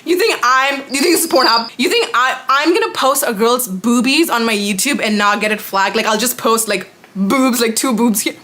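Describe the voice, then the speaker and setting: A young woman vlogger telling a storytime rant, animated and sarcastic, with lots of fillers. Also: fairly high pitch. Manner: animated, exasperated, sarcastic, talks fast with lots of 'like'.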